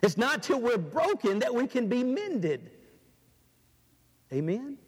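A high-voiced man preaching with a very lively, swinging delivery, dropping to a hush and then rising loud. His voice rings out in a large church hall with a long reverb. He asks the crowd question after question. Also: slow, breathy edge. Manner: dramatic, swings from hushed to loud, rhetorical questions. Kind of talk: sermon.

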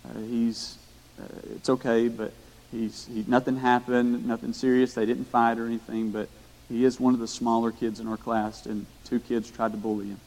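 A man voicing a calm female schoolteacher who speaks gently and hesitantly, in a sermon story. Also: mid-range voice, moderate pace, pitched below the performer's own voice, close to an everyday voice. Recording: echoey hall.

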